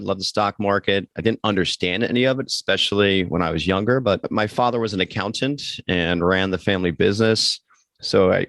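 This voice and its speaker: A man in his forties with a very low voice and a gravelly edge. He tells his story as an interview guest in a loose, rambling way and corrects himself as he goes. The sound is dry and close. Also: fairly bright tone, dry recording. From Pennsylvania. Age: 40s. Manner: rambling, conversational, with self-corrections. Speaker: guest, financial advisor.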